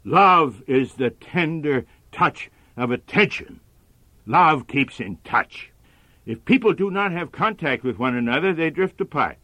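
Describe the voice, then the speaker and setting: Earnest male preacher, bright dry voice. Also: fairly high pitch, lively intonation, unhurried, no echo. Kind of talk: sermon.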